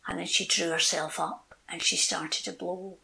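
A woman's voice: fairly low pitch, normal speed, creaky, rough recording. A woman telling a children's folk tale, doing voices for the characters. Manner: lively storytelling with character voices. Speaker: storyteller guest.

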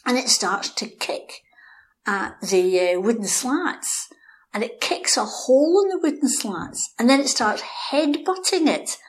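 A woman telling a local story in a lively, animated way, acting out the characters. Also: a little high, a little slow. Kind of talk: anecdotal storytelling.

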